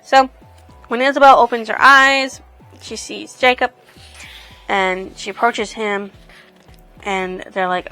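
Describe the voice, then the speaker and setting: A woman's voice: medium pitch, fairly even intonation, slow, pauses often, sharp tone, soft background music. A woman casually reviewing a book, retelling the plot in a rambling way. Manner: rambling, lots of "she's like".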